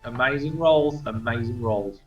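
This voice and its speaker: A man with a mid-range voice narrates a tabletop game as dungeon master, speaking unhurriedly in a chatty, casual way and swearing freely. Faint music plays behind him, and the recording is distant, roomy and lo-fi.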